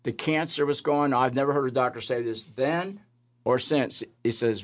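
Male chaplain guest, mid-range voice, animated storyteller who voices the people in his stories. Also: medium pitch, normal speed. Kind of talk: storytelling testimony.

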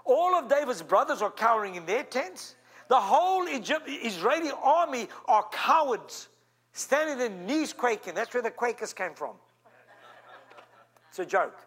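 Male pastor, higher voice, animated, emphatic, preaching. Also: normal speed, husky. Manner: emphatic, storytelling, sudden rises and drops. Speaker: senior pastor. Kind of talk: animated sermon.

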